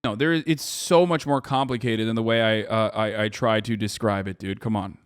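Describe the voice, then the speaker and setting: A man's voice: lowish voice, fairly even intonation, brisk, smooth, dry recording, clean studio sound. A man streamer from the United States, giving a profane, emphatic reaction commentary. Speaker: streamer host.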